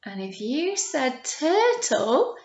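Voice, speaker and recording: A woman teacher reading a picture book to young children, animated and encouraging, drawing words out and making playful sound effects. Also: high-pitched, slow. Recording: roomy, dull lo-fi sound.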